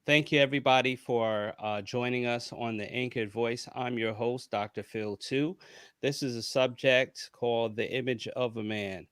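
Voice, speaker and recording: A man's voice: medium pitch, steady tone, moderate pace, fairly bright tone, smooth, no room sound, studio quality. A man hosting a podcast, wrapping up with upbeat thanks and promotions, rattling off rhythmic lists. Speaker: podcast host. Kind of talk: podcast interview and sign-off.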